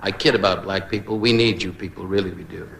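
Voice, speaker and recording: A man's voice: deep voice, steady tone, fast, vocal fry. An older man doing an insult comedy roast set, brash and mocking, punching up his jokes. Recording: echoey hall with loud noise. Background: laughing audience.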